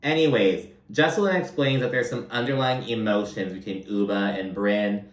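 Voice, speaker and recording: A man with a lowish voice chats through a reality TV recap at a normal speed, loose, profane, and heavy on fillers. He sits a little back from the mic, so the recording is roomy, with the room ringing around his voice.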